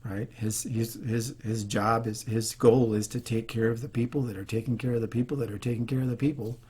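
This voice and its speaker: A man's voice: mid-range voice, fairly even intonation, a little fast, a little mellow, slightly rough. A man hosting a leadership video, talking earnestly and unscripted, with frequent restarts. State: choked up. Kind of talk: unscripted talk to camera.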